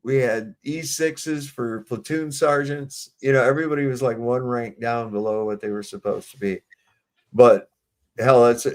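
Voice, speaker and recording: A man in a casual panel chat, telling army stories in a rambling, profane way with frequent restarts. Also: lowish voice.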